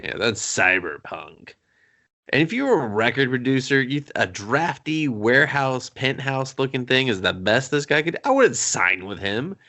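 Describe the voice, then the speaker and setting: Male podcast co-host, animated, profane movie banter, lively swooping pitch. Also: moderate pace. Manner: animated, profane, jokey, puts on silly voices for characters. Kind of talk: casual movie review chat.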